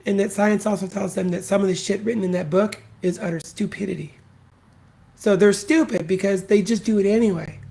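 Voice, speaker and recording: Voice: mid-range voice, steady tone, brisk, vocal fry, warm tone. A solo podcast host delivering an opinion rant in a mid-range voice. The delivery is blunt and scornful, full of profanity, and leans on repetition to drive each point home. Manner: emphatic repetition.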